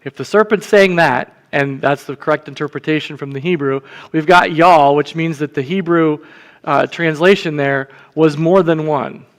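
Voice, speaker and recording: Deacon giving a casual sermon, slightly high male voice, keeps checking in with the room, reverberant church sound. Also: normal speed. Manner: conversational, checks in with the congregation. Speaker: deacon preaching. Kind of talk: sermon teaching. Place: church sanctuary.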